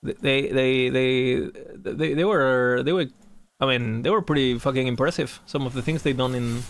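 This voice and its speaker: A man's voice: medium pitch, normal speed, creaky. A young man chatting casually while streaming a game, rambling, swearing and laughing often.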